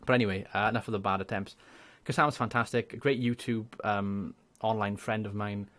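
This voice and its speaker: A young man with a Welsh accent, a gaming YouTuber chatting casually and rambling through channel shout-outs. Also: fairly low pitch, fairly even intonation, a little fast. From Wales. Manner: chatty, rambling, laughs often.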